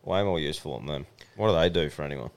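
A man's voice: rumbling low, fast talker, vocal fry. An Australian man co-hosting a podcast, chatting in a laid-back, swearing way and laughing often. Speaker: podcast co-host. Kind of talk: casual chat.

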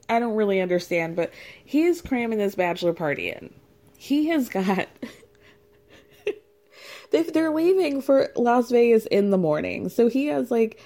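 A woman's voice: medium pitch, dark tone. A woman recapping a reality show in a casual, gossipy, chatty way, laughing often.

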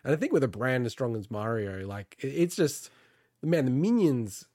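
A man's voice: mid-range voice, very animated, moderate pace, warm tone, no room sound, clean studio sound. A man co-hosting a gaming news podcast, chatting casually, laughing often and interrupting himself. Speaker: podcast co-host reading the news.

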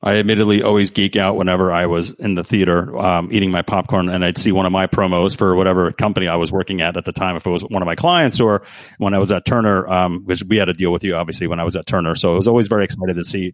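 A man's voice: low voice, dry recording, clean studio sound. A man hosting an interview, enthusiastic and asking long, rambling questions. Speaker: interview host. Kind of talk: casual interview conversation.

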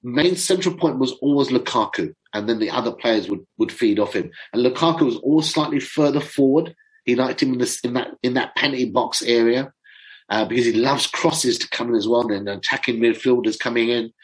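A middle-aged man chatting to viewers as a football fan commentator, excitable and chatty, often stumbling over names. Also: mid-range voice, brisk, poor audio. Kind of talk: casual chat to viewers.

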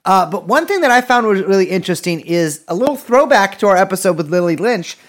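A man's voice: sits high, fast talker. A man co-hosting a podcast, bantering wryly and profanely in casual political talk. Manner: wry, profane, lively banter with restarts. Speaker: podcast co-host.

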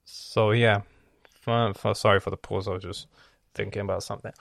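A young man talking in a casual, rambling monologue, cursing often and filling pauses with ums and restarts. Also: fairly low pitch, level tone, vocal fry, a bit bright, no room sound, studio quality. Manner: profane, rambling, with many fillers and restarts. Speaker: vlogger.

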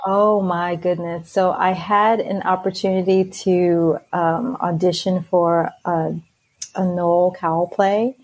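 A woman hosts a podcast conversation, with a breathy, slightly husky voice. She talks in an easy, lively way and laughs often with her guest. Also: lowish voice, takes it slowly. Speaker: podcast host. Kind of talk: casual interview chat.

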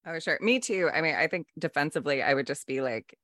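A woman co-hosting a podcast, asking curious, halting questions and laughing easily in casual chat. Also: sits low, lively intonation, a bit bright, dry recording, studio quality. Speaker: podcast co-host.

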